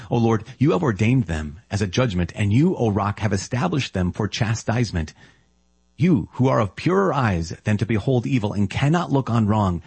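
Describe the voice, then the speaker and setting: Very husky low man reading scripture. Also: a little mellow, no room sound. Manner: measured, solemn reading. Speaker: Bible reader.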